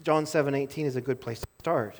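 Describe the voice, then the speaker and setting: A pastor preaches fast in a medium-pitched voice, talking to his church in a conversational way. He often cuts himself off with little laughs and repeats words as he begins a thought again.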